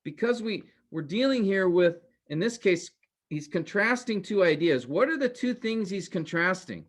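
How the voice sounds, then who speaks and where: Male instructor, slightly high voice, chatty lecture style, keeps questioning the class. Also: animated, moderate pace. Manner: conversational, quizzes students with questions. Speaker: teacher.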